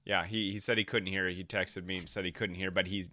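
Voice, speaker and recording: A man's voice: sits low, little pitch movement, brisk, bright, forceful tone. A man hosting a casual chat, reacting and prodding his guest with questions.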